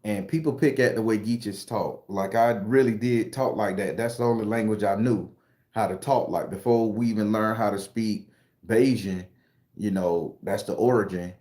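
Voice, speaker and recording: A middle-aged man from South Carolina, casually telling stories and answering viewer comments on a livestream in a loud, profane, laughing way. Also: on the low side, normal speed. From South Carolina, USA. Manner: animated, profane, laughing storyteller. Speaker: YouTube tarot reader and storyteller. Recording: roomy echo.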